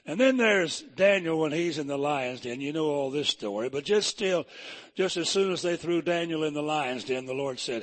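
A preacher tells Bible stories in a folksy, humorous way, with a husky and somewhat high voice. He pitches up when he builds energy and drops low for the characters he voices. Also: lively intonation, normal speed. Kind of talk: folksy storytelling sermon.

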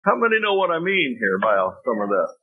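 A man preaching a sermon, telling folksy stories with sudden jumps in pitch. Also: very animated, a little fast, husky. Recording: tinny phone-like audio.

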